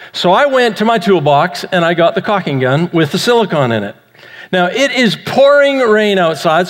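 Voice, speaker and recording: A man pastor preaching a sermon, telling a story with acted-out sound effects and self-mocking humor. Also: high voice. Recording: long reverb of a large hall.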